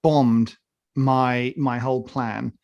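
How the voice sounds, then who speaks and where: A man's voice: mid-range voice, takes it slowly, gravelly, dry recording, muffled recording. Emphatic ranting man in a dry close-mic recording. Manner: emphatic, ranting, animated with sudden loud stresses. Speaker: podcast host. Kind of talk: opinionated casual chat.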